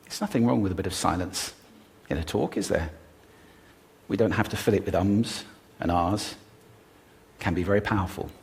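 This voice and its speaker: A man giving a talk on stage to a live audience about speaking, deliberately varying his pitch, pace and volume. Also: gravelly, a little mellow. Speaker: public speaker on voice.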